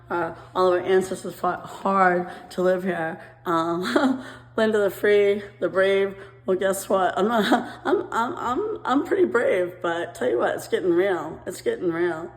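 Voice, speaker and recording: A woman from the United States rants emotionally into her camera, looping back over the same phrases with nervous laughs. Her voice sits a little low. The room around her is echoey. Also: steady tone, normal speed. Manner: rambling, repeats phrases, laughs nervously between lines. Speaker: vlogger. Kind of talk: emotional personal rant. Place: apartment at home.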